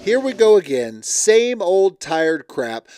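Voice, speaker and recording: A man's voice: sits high, very animated, takes it slowly, darkish tone, faint music behind. A man hosting a reality TV recap, commenting in a blunt, sarcastic, exasperated way. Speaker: show recap host.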